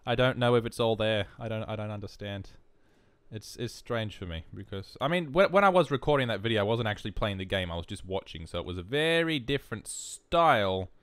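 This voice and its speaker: Australian guy, gaming voice-over, rambling and self-mocking, very animated, dry close mic. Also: on the low side, a little fast, smooth, no echo. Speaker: gaming YouTuber. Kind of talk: casual commentary over gameplay. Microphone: headphones and desk mic.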